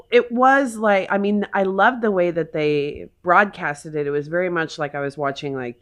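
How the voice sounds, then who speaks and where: A woman's voice: fairly low pitch, bright, forceful tone. A woman in her forties from Oklahoma, chatting in a casual vlog, gushing and emotional as she rambles on. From Oklahoma, USA. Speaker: vlogger.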